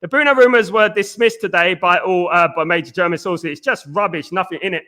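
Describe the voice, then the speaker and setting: The host of a football live stream chats casually while reading viewer comments aloud. He sounds breathless, with a bright high voice, talks a little fast, and keeps repeating "absolutely" and "big up".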